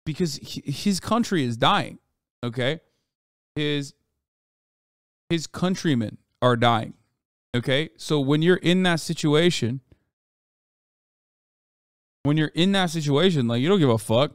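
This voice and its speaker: A man streaming live, reacting to news with profane, animated commentary and talking back to his chat. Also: a little high, no echo, clean studio sound. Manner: reads quotes aloud quickly.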